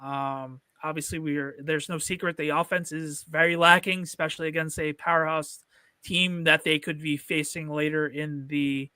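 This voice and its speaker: A man's voice: a little high, flat delivery, moderate pace, pushed and bright, smooth, dry recording. A man with a North Jersey accent, co-hosting a sports podcast in rambling casual chat full of fillers.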